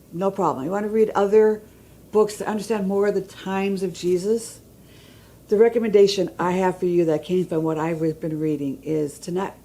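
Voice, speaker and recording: A woman's voice: mid-range voice, mellow, low-quality recording. A woman giving a conversational church teaching, reading scripture aloud and checking in with her listeners. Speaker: Bible teacher.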